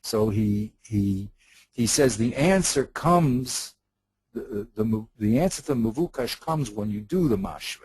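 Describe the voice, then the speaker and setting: A man's voice: fairly low pitch, lively intonation, unhurried, a little mellow, husky, no room sound, rough recording. A man teaching in a study session, patiently explaining a text, repeating himself and checking that his partner follows.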